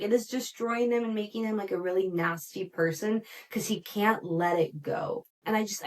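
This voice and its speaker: A woman hosting a podcast, recapping a reality show in a chatty, animated way, with frequent "like" fillers and laughter. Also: mid-range voice. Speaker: podcast host.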